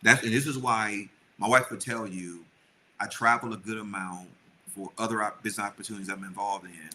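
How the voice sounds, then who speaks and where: A man's voice: on the low side, fairly even intonation, brisk, pushed and bright, slight background noise, low-quality recording. A middle-aged man who co-hosts a podcast and chats earnestly and at length with his wife, often restarting his sentences. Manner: earnest, rambling with many restarts. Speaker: podcast co-host. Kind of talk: casual chat with his wife.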